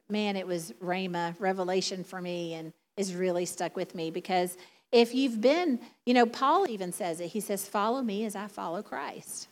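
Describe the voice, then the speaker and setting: A middle-aged woman preaching a sermon in a chatty, conversational way, laughing often. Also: fairly high pitch.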